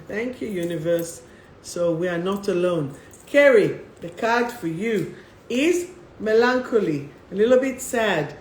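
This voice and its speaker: A woman's voice: medium pitch, a little hiss or hum. Woman reading affirmation cards in a roomy space. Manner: reads affirmations slowly and repeats them, addressing viewers by name. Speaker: spiritual host. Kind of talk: live-stream affirmation card reading. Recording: roomy echo.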